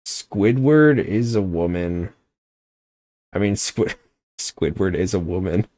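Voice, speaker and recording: A young man rambles and jokes his way through a game livestream, often breaking off mid-thought. His voice sits very low and his pace is slow and drawn out, with a close, dry sound. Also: animated, dark tone, dry recording. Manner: rambling, joking, self-interrupting. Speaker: streamer. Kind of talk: casual gaming livestream chat.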